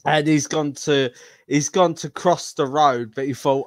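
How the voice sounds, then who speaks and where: A man's voice: on the high side, steady tone, a little slow, no echo. An Englishman co-hosting a podcast in a laid-back, jokey way, laughing often. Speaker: podcast co-host. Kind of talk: casual comedic chat.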